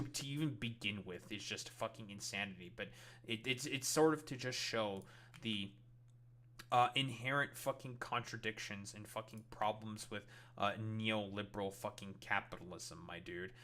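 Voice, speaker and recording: A man's voice: lowish voice, sharp tone. A male streamer delivering a heated, profanity-laden political rant while reacting to clips. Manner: heated, swears constantly.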